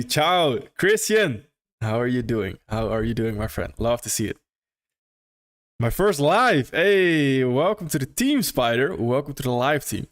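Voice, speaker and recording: A young man hosting a trading livestream, chatting casually and greeting viewers by name, repeating phrases in an upbeat way, close to the mic. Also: medium pitch. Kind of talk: casual livestream chat reading viewer comments.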